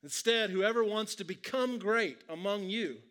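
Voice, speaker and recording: A man preaching a sermon in a relaxed, conversational way, often checking in with the listeners. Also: high voice, unhurried, few pauses. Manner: conversational preaching, asides like "right?". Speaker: pastor.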